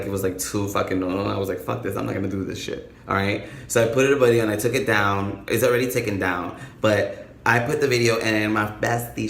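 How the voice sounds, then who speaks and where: A man telling a story to camera in a casual vlog, animated and dramatic, with lots of swearing. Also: on the low side, reverberant. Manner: animated, profane, dramatic retelling. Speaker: vlogger.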